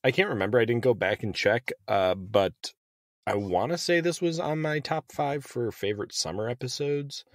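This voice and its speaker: A man's voice: mid-range voice, moderate pace, no room sound, clean studio sound. A man co-hosting a podcast, chatting in an upbeat, casual way. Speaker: podcast co-host.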